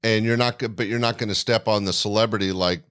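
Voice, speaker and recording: A male podcast host with a fairly low voice asks his guest questions. He often stops to explain things at length, talking earnestly to his audience. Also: fairly even intonation, fast, a bit bright, clear, resonant tone. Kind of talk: interview podcast.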